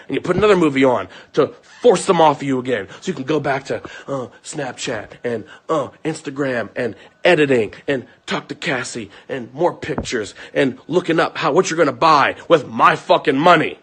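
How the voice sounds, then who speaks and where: Husky-voiced young man ranting heatedly. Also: mid-range voice, expressive, a bit bright. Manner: heated and profane, with rapid bursts. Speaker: streamer venting to his viewers. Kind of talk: angry unscripted rant.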